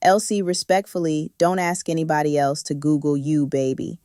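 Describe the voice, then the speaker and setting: A woman's voice: low voice, normal speed, warm tone, no room sound, clean studio sound. A woman giving a sassy, slang-heavy reality-show recap commentary. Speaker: recap reviewer.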